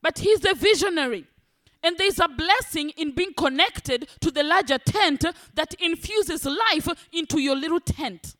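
A woman preaching a sermon, animated, acting out the voices of church members. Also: high-pitched, unhurried. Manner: animated, acts out congregants' voices.

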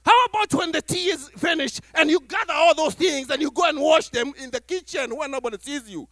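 A man preaching a sermon as pastor to his church, animated, acting out little dialogues and laughing as he talks. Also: extremely high pitch, fairly quick, no echo, clean studio sound.

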